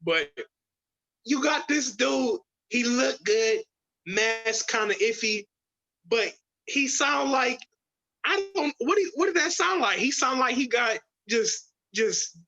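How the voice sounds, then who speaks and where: A man co-hosting a podcast, talking in an animated, opinionated way and stumbling over his words as he argues. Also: extremely high pitch, slow pace, muffled recording. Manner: animated, opinionated, mocks voices with gravelly whispers. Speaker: podcast co-host. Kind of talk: casual chat.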